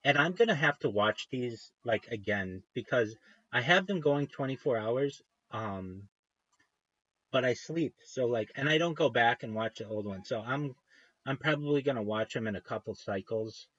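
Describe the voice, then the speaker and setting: A man chatting on his livestream, wandering from thought to thought and breaking off mid-sentence with eager enthusiasm. His voice sits at an ordinary middle pitch, close and dry with no room sound. The stream audio is a little dull and lo-fi. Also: lively intonation, normal speed, a bit bright, no room sound. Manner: meandering, self-interrupting, enthusiastic. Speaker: livestream host. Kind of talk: casual rambling livestream chat.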